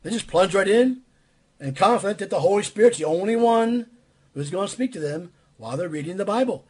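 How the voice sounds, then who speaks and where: A man with a somewhat high, husky voice delivers a sermon. He speaks bluntly and emphatically, hammering his points home by repeating phrases. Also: animated, a little fast, a little mellow. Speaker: preacher.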